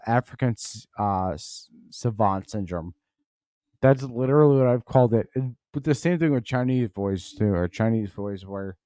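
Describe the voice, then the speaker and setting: A man's voice: medium pitch, warm tone, no echo. A tipsy man hosting a comedy podcast from home, rambling, stumbling over his words and cursing as he reacts to a news clip. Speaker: podcast host. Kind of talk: casual comedic commentary.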